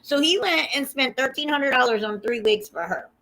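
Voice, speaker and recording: Brief: woman, slightly high voice, excitable gossip host, casual and profane. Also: moderate pace. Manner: gossipy, excitable, swears freely, addresses viewers. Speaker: livestream host. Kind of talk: casual chat.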